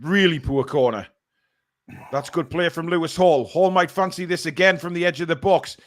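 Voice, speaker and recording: A man hosting a live fan watchalong, calling the match play by play and reading viewer messages, partisan and quick to outrage. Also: fairly high pitch. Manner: excitable, shouts at big chances and bad calls; indignant, partisan.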